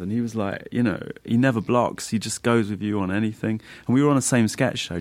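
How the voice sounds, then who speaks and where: A man's voice: low-pitched, gravelly. A man, a comedian in an interview, telling rambling anecdotes casually, laughing along and acting out the lines he quotes.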